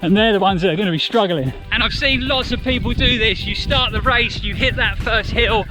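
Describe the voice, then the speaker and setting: A man's voice: sits high, fairly quick. A man giving casual, encouraging running advice to camera as a vlogger. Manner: chatty and encouraging. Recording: music playing behind.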